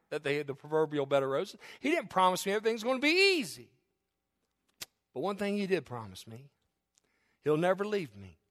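A pastor preaching a fervent sermon, swinging between soft asides and loud, rising declarations, chuckling now and then. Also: male voice, fairly high pitch.

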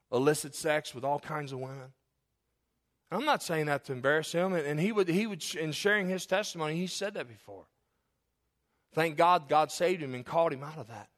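A pastor preaching in church with a high, bright-edged voice. He swings from loud, emphatic declarations down to hushed, close asides. His delivery is lively and conversational. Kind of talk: sermon.

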